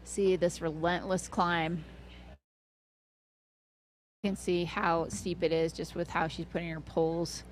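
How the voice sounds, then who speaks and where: A woman's voice: fairly low pitch, flat delivery, unhurried, long pauses, a little hiss or hum. A woman commentating live on a mountain ultramarathon livestream, chatty and playful, sometimes correcting herself.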